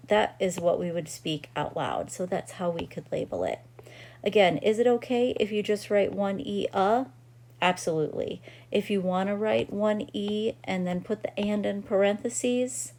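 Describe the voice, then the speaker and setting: A woman's voice: on the low side, warm tone. A woman teaching a music lesson, explaining rhythm counting patiently and reassuringly, and counting the beats aloud. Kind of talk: classroom-style music lesson.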